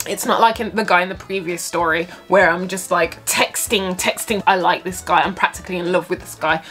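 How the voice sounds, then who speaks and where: Animated young woman telling a story. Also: fairly quick, few pauses, faint music behind. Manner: animated and dramatic, big swings in pitch, sassy asides. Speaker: vlogger. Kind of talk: storytime vlog chat.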